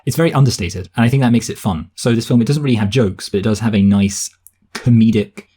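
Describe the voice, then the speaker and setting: Fast-talking husky man discussing films. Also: on the low side, warm tone. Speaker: film review podcast co-host. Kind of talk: casual film discussion.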